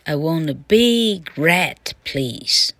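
A woman reading the lines of a kind fairy godmother slowly and clearly in a storybook lesson. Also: low voice, animated, fairly bright tone, heavily acted. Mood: kindly.

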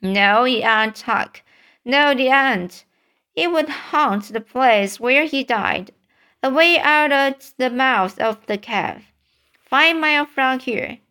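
A woman voicing Tom, an eager and bold boy treasure hunter, read in a halting storybook manner. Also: high-pitched, animated, sharp tone, clear, resonant tone, full character voice. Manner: halting reading with restarts.

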